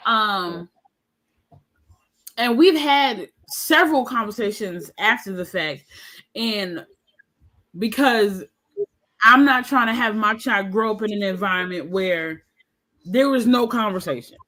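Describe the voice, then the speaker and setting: A woman's voice: medium pitch, slow, long pauses, rough recording. A woman in her thirties, speaking frankly and with animation as a podcast panelist in a candid discussion. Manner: frank and animated, acts out quoted voices.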